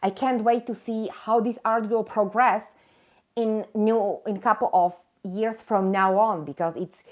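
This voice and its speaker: A woman hosts a live stream in a mid-range, darkish voice, talking a little slowly with fairly even intonation. Her impassioned rant carries indignant emphasis, broken up by chatty asides where she pokes fun at herself for viewers.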